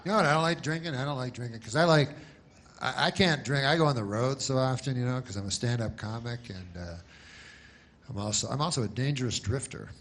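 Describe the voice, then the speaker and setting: A man doing a stand-up comedy set, deadpan and rambling, with many asides and put-on voices. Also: mid-range voice, brisk, a little hiss or hum. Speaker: stand-up comic.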